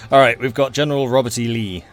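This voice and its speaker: A male commentator hosts a live strategy game stream, chatty and enthusiastic. His voice is mid-pitched, with faint music underneath. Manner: chatty, enthusiastic, laughs easily. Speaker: game match commentator and host.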